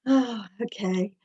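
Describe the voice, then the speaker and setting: Slow, soothing woman on a muffled video call. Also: a little high, husky, no room sound. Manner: gentle and soothing, with soft sighs. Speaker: service leader at a spiritual center. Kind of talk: opening remarks and affirmative prayer.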